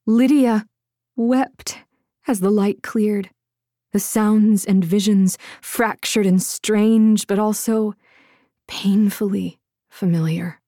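Woman narrator, slow measured storytelling, dry close sound. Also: medium pitch, fairly even intonation, dark tone, no echo. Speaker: audiobook narrator. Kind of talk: scripted narration.

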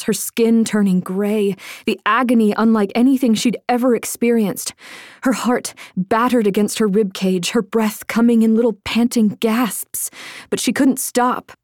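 Slow, measured woman narrating a fantasy audiobook. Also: mid-range voice, darkish tone, no room sound, studio quality. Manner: measured, dramatic reading.

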